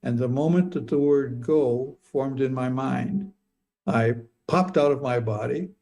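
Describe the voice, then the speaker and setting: Older man, gravelly and dark, halting personal storytelling with frequent repeats. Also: medium pitch. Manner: halting, repeats words, stammers. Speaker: speaker telling a near-death experience.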